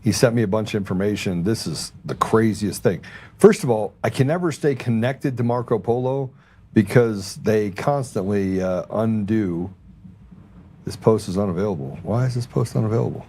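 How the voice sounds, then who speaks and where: A man hosts a casual political talk show in a low, dark, mellow voice. He rambles, restarts and repeats words, with a sarcastic edge. Faint background noise sits under him. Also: moderate pace. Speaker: podcast host.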